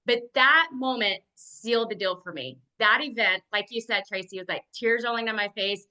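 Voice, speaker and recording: Bright, earnest woman on a video call. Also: a little high, normal speed, poor audio. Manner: earnest, says "like" a lot. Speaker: team leader. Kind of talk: motivational testimonial on a video call.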